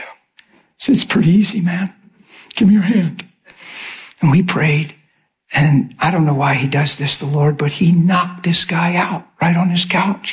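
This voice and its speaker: A middle-aged male pastor preaching in storytelling style, acting out the voices of people he quotes. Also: on the high side. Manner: animated, acts out quoted voices. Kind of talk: sermon storytelling.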